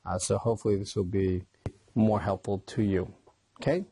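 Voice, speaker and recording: A man's voice: lowish voice, fairly even intonation, moderate pace, dark tone, slightly rough, dry recording. A man hosting a drawing channel, talking casually through a sketching tutorial with frequent "uh" fillers. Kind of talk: tutorial talk while sketching.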